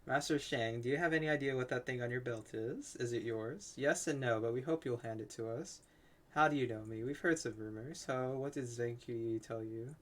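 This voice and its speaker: A man's voice: mid-range voice, moderate pace, lightly acted. A man voicing a stern, guarded older man reading game dialogue. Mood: wary.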